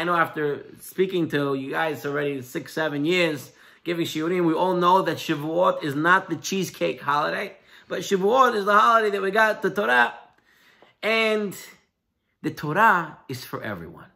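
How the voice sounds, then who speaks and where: A rabbi gives a lively Torah class and tells a parable along the way. His voice is high and bright. He leans hard on key words, then drops to a soft hush. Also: normal speed, vocal fry. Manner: animated, emphatic, shifts between loud and soft.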